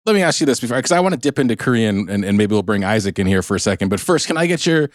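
A man's voice: fairly low pitch, lively intonation, rapid-fire, no echo, clean studio sound. A man from Southern California with a Southern Californian accent, co-hosting a podcast in a joking, self-deprecating way. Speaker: podcast co-host. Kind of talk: casual chat.

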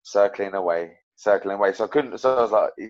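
A man's voice: lowish voice, fairly quick, lo-fi sound. A man talking as an MMA fighter guest, rambling and frank about his own fights. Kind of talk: casual interview chat.

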